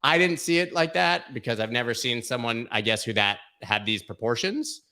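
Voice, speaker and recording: A man hosting a crypto market show, giving brash, joking, excitable live commentary on price charts. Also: medium pitch, normal speed.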